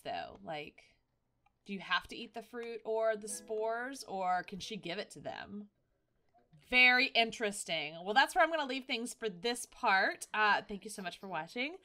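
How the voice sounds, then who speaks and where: Woman, let's-play commentary, animated up-and-down pitch, excitable, gasping and giggling. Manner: excitable, frequent gasps and laughter. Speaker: gaming video host.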